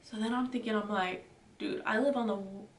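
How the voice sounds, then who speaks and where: A woman's voice: mid-range voice, fairly even intonation, a little fast, distant mic. A young woman casually telling a storytime, talking loosely with lots of filler words. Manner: chatty, filler-heavy retelling with lots of "like" and "you know". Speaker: vlogger. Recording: roomy echo, voice away from the mic.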